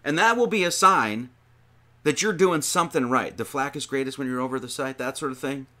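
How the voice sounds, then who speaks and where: A man's voice: mid-range voice, brisk, sharp tone. A man giving an informal sermon, reading scripture aloud and commenting on it in a conversational way, with frequent restarts and emphatic lists. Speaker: preacher.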